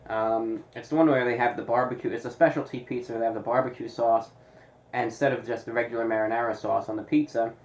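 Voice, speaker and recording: A man reviewing pizza in a deliberate, casual way, with dry sarcastic asides. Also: mid-range voice, reverberant, a little hiss or hum, rough recording. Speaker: food reviewer.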